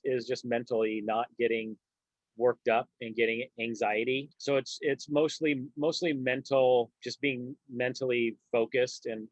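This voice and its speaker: A man who is a guest on a talk show, explaining things in a calm, laid-back way. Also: mid-range voice, no room sound, muffled recording. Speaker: guest, former navy diver. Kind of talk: relaxed explanatory conversation.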